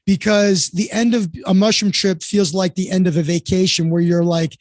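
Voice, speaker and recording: A man's voice: high-pitched, fairly even intonation, moderate pace, a little mellow, no echo, clean studio sound. A man who is a comedian, chatting as a guest in a casual interview in an enthusiastic, laid-back way with plenty of fillers.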